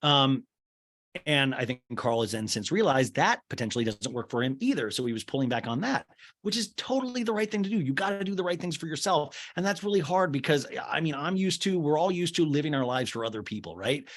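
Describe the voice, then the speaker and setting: Chatty man with a lively, swooping voice. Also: fairly high pitch, fairly quick. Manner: chatty, rambling, full of fillers, acts out quotes in exaggerated voices. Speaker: podcast host. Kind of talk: casual solo recap podcast.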